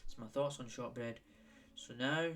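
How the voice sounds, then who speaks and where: A young man with a Scottish accent hosts his own podcast, wandering off on tangents and circling back to repeat himself. He speaks slowly and unhurriedly at a middling pitch. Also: fairly bright tone. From Scotland. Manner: rambling, tangent-prone, repetitive. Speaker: podcast host. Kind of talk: rambling solo podcast.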